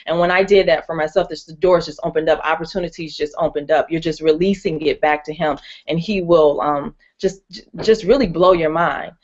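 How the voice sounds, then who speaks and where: Woman, earnest and encouraging, lower voice, muffled lo-fi sound. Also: fairly even intonation, fairly quick, a little mellow. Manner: earnest and encouraging, with frequent fillers and restarts. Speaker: ministry co-host. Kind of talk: faith-based finance teaching. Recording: muffled lo-fi audio.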